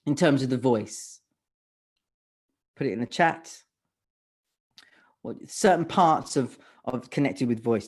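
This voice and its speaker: A man coaching on presenting voice, speaking in an online workshop with frequent restarts and questions to the audience, over a webcam mic on a video call. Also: mid-range voice. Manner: halting, restarts words, pauses to ask the audience. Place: home office on a video call. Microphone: webcam or desk mic on a video call.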